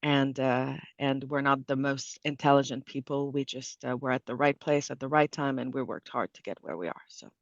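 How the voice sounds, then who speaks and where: A man in his thirties from Canada, speaking as the guest expert in a relaxed interview, pausing often with fillers and restarts. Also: mid-range voice, vocal fry, no room sound. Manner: thoughtful, with frequent fillers and restarts. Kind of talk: conversational interview. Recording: dull, dry lo-fi sound.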